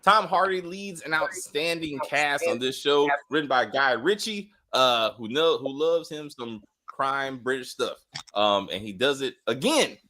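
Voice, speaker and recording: A man hosting a casual show review, animated and joking, with faint music behind. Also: mid-range voice, measured pace. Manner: animated, joking, lots of uh fillers. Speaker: host.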